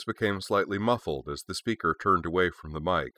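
A man narrating a story in a steady, measured way. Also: low-pitched, no echo. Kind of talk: story reading.

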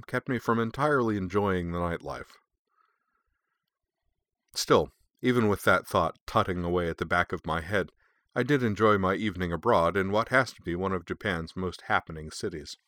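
Man, audiobook narrator, deep voice, bright forceful tone, wry first-person telling. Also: moderate pace, dry recording, studio quality.

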